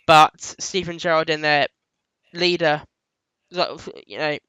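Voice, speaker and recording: A man co-hosting a casual football chat, giving opinionated, animated picks. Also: a little high, slow pace, smooth, no room sound, muffled recording. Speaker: podcast co-host.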